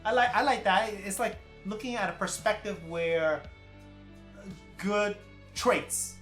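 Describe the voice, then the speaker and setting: A man's voice: sits high, slow pace, fairly bright tone. Chatty laughing man hosting a livestream. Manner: laughing often, thanks viewers by name. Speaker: livestream host. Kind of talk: casual chat reading viewer comments. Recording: roomy with stream music behind.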